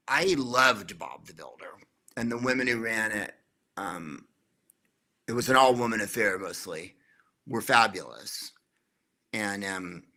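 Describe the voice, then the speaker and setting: A man's voice: lowish voice, pushed and bright. A middle-aged American man, a guest comedian, telling rambling stories with wry jokes. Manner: rambling, wry, jokey storytelling. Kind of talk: casual anecdotal interview.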